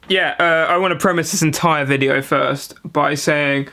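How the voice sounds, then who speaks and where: A young British man in a vlog, ranting to camera in an animated, exaggerated way with mock outrage. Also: fairly high pitch, normal speed, hardly any pauses, over loud music. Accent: British English. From Britain. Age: young adult. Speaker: vlogger. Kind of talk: comedic rant to camera.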